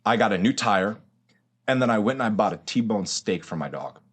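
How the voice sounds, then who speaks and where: A man's voice: on the low side, animated, moderate pace, slightly rough. A man in his twenties, a podcast guest, telling his story in casual slang, swearing and saying bro often. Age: 20s. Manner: slangy and profane, says bro a lot.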